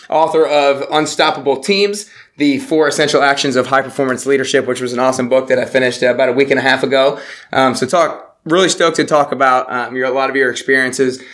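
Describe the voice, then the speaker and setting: Young guy hosting a podcast, upbeat and stoked, middle pitch. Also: steady tone, fairly quick, fairly bright tone. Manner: upbeat, enthusiastic. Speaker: podcast host. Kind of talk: casual interview.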